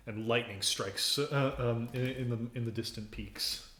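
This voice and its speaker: A man's voice: mid-range voice, fairly even intonation, unhurried, hardly any pauses, fairly bright tone, reverberant, a little hiss or hum. A man narrating as game master for a tabletop game, casual and full of fillers.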